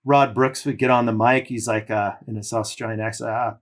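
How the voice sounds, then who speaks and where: A man's voice: medium pitch, brisk. A middle-aged man from California, a former pro surfer, casually telling long stories as a podcast guest with loose fillers. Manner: relaxed, rambling with fillers. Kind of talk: casual storytelling.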